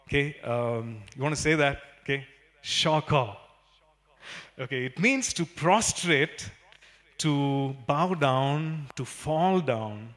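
A man preaching a sermon in an animated way, with many fillers and repeated phrases. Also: medium pitch.

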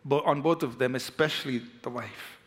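A man's voice: mid-range voice, normal speed. Man preaching with call-and-response. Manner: emphatic call-and-response preaching, leads congregation in declarations. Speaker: pastor. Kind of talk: sermon. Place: church sanctuary.

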